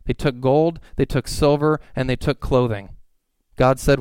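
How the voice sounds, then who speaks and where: A man preaching a sermon, earnest, pushing up in pitch when he asks questions. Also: moderate pace, a little mellow, clear, resonant tone, no echo. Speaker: pastor.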